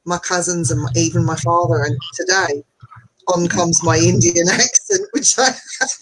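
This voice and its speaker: A woman guest talking from home on a video call, chatty and animated, often laughing as she tells her stories. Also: on the low side, normal speed, background noise. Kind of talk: casual conversation.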